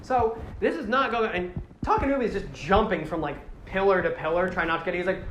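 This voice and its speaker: A man casually retelling a story with excitement, acting out the characters in exaggerated voices. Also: sits high, brisk, few pauses. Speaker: podcast host recapping a franchise. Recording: echoey room with faint background noise.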